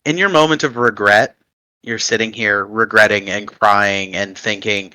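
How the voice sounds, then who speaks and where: Guy running a d&d stream, bright forceful voice, dry close sound, chatty and descriptive. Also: lowish voice, unhurried, dry recording, rough recording. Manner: lively and descriptive, with many fillers. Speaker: dungeon master. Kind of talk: narrating a tabletop game on a live stream.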